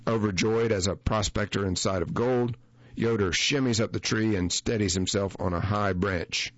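A man reading a first-person feature story aloud in a measured, unhurried way. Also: on the low side, no echo, lo-fi sound. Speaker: narrator.

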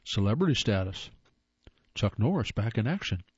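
A man narrates a run of jokes in a wry, playful manner, his pitch rising and falling with lots of life. The recording is dry with no room sound and has a slightly dull, muffled tone. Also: very animated, normal speed, a little mellow, breathy edge, dry recording. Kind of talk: scripted comedic narration.

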